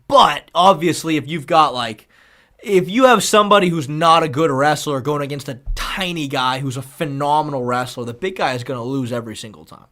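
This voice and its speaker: A man's voice: a little high, fairly quick, a bit bright. A man chatting casually on a live stream, rambling, swearing freely and thanking viewers.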